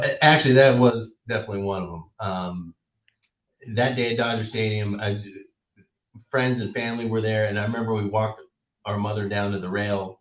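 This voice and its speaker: A man's voice: fairly low pitch, roomy sound, poor audio. A middle-aged man, a former baseball player, telling family stories reflectively in casual chat, often laughing.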